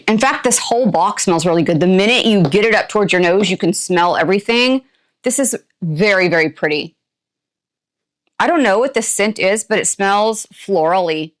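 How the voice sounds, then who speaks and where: Chatty woman in a put-on drawl. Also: medium pitch. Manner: talks to viewers while opening items. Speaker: product reviewer. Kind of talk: casual unboxing review.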